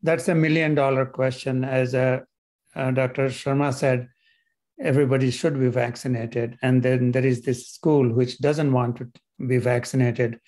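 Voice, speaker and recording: A man speaking as a panel guest, hesitant and halting, with many fillers. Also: mid-range voice, level tone, darkish tone. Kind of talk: panel discussion.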